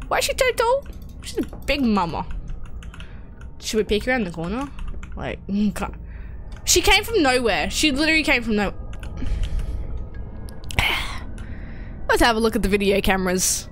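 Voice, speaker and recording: A woman's voice: on the high side, big pitch swings, normal speed, pauses often, a bit bright, a little hiss or hum. A young woman streamer giving jumpy, swear-heavy horror game commentary and talking to her chat. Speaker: gaming streamer.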